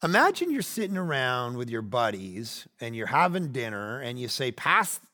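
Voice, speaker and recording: A man in his forties preaching a sermon, animated, swinging between loud bursts and hushed asides. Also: mid-range voice, normal speed. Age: 40s. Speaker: pastor.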